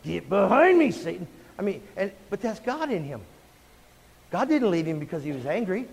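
A middle-aged male pastor with a notably high voice preaches with emphatic energy, calling out for amens and hallelujahs. His voice rings through a church sanctuary with a long trailing reverb. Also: sing-song, normal speed, a little mellow, breathy edge. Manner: emphatic, call-and-response preaching. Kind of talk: sermon.

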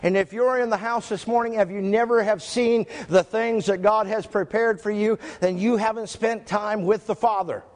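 A male pastor preaching a sermon to his church, reading scripture slowly and stressing single words. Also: high-pitched, steady tone, darkish tone. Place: church sanctuary. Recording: echoey church hall.

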